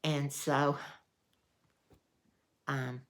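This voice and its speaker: Low-voiced lady rambling thru a story real slow, folksy chat for her vlog. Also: flat delivery. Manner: folksy, meandering with restarts and fillers. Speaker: vlogger. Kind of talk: casual storytelling.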